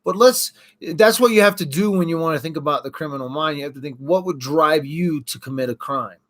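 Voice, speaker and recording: A man's voice: a little high, fast talker, a bit bright. A middle-aged man casually chatting on a livestream, reacting to viewers' comments as he talks. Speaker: livestream host.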